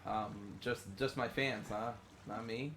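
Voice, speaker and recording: A man's voice: mid-range voice, steady tone, unhurried, fairly bright tone, a little hiss or hum. A man streaming a game, joking and laughing as he chats with his partner. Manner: jokey, laughs often, teasing banter. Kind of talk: casual gameplay commentary.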